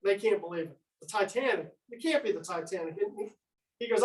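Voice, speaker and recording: A man's voice: high voice, normal speed. Male history lecturer, storyteller who acts out quotes; distant mic, roomy sound. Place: museum lecture room. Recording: echoey room, speaker far from mic.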